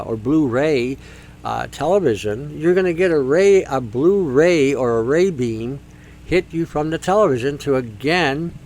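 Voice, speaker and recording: A man's voice: on the high side, a little mellow, slight background noise. A man hosting a talk show, speaking in a rambling, emphatic monologue that circles back on itself. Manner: rambling, emphatic, repeats himself. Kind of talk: casual monologue.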